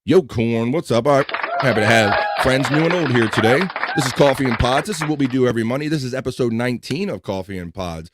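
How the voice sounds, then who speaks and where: A man's voice: medium pitch, fast talker, background noise. A man with a slight Mid-Atlantic American twang hosting a live podcast show, chatting casually and restarting his sentences as he goes. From Mid-Atlantic United States. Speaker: podcast host. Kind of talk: casual live-stream chat.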